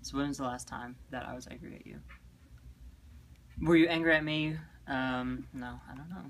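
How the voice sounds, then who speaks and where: A man's voice: medium pitch, fairly even intonation, moderate pace, a bit bright. Young man co-hosting a casual vlog, dry teasing humor. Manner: joking, teasing. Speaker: guest co-host. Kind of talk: casual sibling chat.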